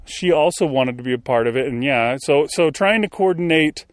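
A podcast co-host chatting casually outdoors, thinking aloud with fillers. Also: male voice, on the high side, lively intonation, a little fast, dry recording. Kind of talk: casual chat. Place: outdoors on a hill.

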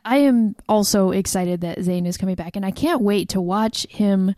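A woman co-hosts a casual podcast conversation. She speaks in a relaxed, easygoing way and laughs often. Her mid-pitched voice is recorded dry and close. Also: moderate pace, no echo. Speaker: podcast co-host. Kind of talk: casual chat.

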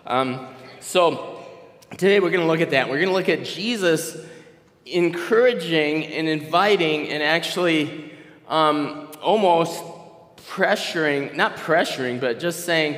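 A man's voice: a little high, a little slow, fairly bright tone. A man in his sixties giving a conversational sermon as a guest pastor, telling stories with frequent restarts. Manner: conversational, rambling storytelling with restarts. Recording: long hall reverb.

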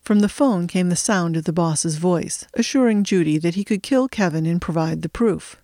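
A woman narrates an audiobook in a steady, measured way. Her voice sits fairly low, recorded close and dry with no room sound. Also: dry recording.

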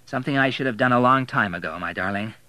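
A man's voice: mid-range voice, fast talker, pushed and bright, no room sound, close to an everyday voice. A man voicing a firm, determined young American man who makes clipped demands, in an audiobook reading.

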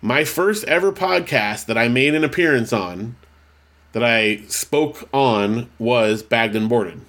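A man's voice: medium pitch, slow pace, a bit bright. A man co-hosting a casual podcast, rambling and correcting himself as he reads out listener mail. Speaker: podcast co-host. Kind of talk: casual chat.

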